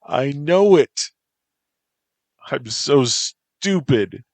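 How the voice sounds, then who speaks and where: A man voicing a remorseful young man who speaks softly and sheepishly. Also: sits low, steady tone, unhurried, no room sound. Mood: self-reproach.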